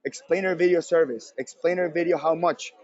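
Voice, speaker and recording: A man giving a live conference talk, energetic and repeating his points for emphasis. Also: a little high, a little fast, muffled recording. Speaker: presenter at a conference session. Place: convention center session room.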